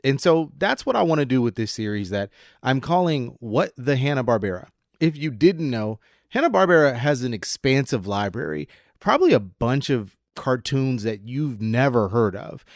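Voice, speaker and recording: Male host, 30s, middle-pitched, scripted but loose commentary with a radio-voice lilt, dry recording. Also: lively intonation, normal speed, no room sound. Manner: casual, slightly sardonic, drifts into a radio voice.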